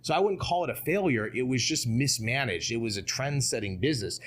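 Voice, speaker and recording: Animated man talking shop in an interview. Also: mid-range voice, a little fast. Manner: animated, asks rhetorical questions, frequent "you know what I mean". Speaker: podcast guest, producer. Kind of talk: casual interview talk.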